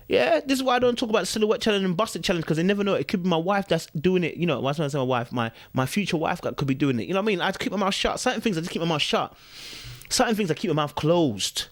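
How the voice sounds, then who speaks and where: A young man with a slightly high voice hosts a podcast, offering his opinions in casual commentary full of repetition and rhetorical questions aimed at listeners. The recording has no room sound.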